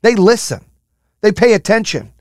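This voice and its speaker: A man giving a blunt, profane motivational rant, high-strung and fired up. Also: sing-song, moderate pace, darkish tone, no room sound, clean studio sound. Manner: blunt, heavy swearing, fired-up. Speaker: motivational speaker.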